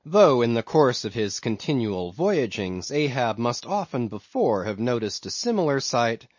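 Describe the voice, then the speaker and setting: Male audiobook narrator, measured steady reading, dry close sound, dull muffled audio. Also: medium pitch, dry recording.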